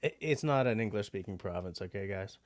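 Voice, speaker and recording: Man, livestream host, casual rambling chat, lots of fillers, lowish voice, dry sound. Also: animated, a little fast, no echo. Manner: rambling and chatty with many fillers.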